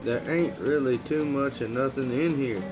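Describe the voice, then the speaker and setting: A middle-aged man hosting a casual DIY vlog, loud, joking and profane. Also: mid-range voice, moderate pace, over loud music. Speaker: channel host, circuit bender.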